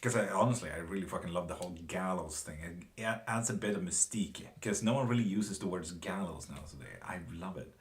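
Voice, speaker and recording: A man's voice: low-pitched, quick pace, hardly any pauses, slight background noise. A man giving a casual live-stream tarot reading and chatting with viewers, talking loosely and swearing now and then. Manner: casual, swearing, laughs often. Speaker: tarot reader.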